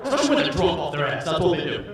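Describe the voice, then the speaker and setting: A man in his twenties doing a stand-up comedy set, swinging between loud put-on voices and low mutters. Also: fairly even intonation, quick pace, a crowd in the background. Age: 20s. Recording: echoey hall from far off.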